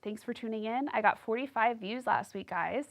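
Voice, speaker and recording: At a moderate pace and a pitch on the high side, a woman hosts her casual solo podcast. She rambles and gossips, using "like" heavily throughout.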